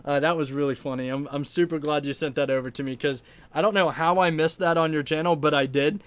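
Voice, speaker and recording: Animated high-voiced man hosting a livestream. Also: quick pace, clear, resonant tone, no room sound. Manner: animated storyteller, laughs often, many fillers. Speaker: livestream host reading chat. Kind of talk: casual livestream chat.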